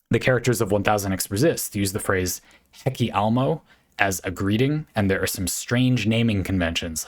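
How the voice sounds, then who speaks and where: A man hosting his channel, musing in a rambling casual way with many fillers and restarts as he thinks aloud. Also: sits low. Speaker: channel host. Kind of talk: casual commentary on game design.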